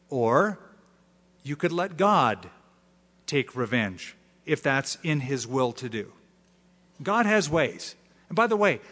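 Delivering a sermon in a large, echoing hall, a male pastor keeps things lively and humorous, doing voices for those he quotes. His pitch sits somewhat high.

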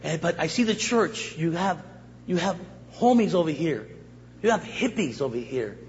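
A man from Los Angeles County preaching his testimony as a guest speaker in a church, an animated storyteller who acts out voices and jokes with the crowd. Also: a little high, normal speed, a little hiss or hum. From Los Angeles County, USA. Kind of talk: sermon testimony. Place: church sanctuary. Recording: echoey hall, slightly dull sound.

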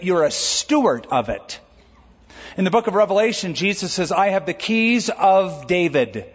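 A man preaching a sermon as a pastor, lively and conversational, with jokes along the way. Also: fairly high pitch, husky. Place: church auditorium. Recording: dull recording with long hall reverb.

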